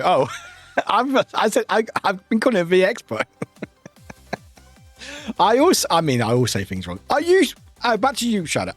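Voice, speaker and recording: A man's voice: sits high, huge pitch swings, moderate pace, long pauses, soft background music. A British man chatting casually with his livestream viewers, rambling and often laughing at himself. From United Kingdom.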